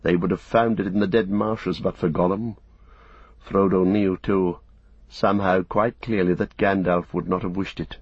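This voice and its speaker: A man steadily narrating an audiobook in a measured storytelling manner. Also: low voice, fairly even intonation, husky, no room sound. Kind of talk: scripted narration. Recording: dull, muffled recording.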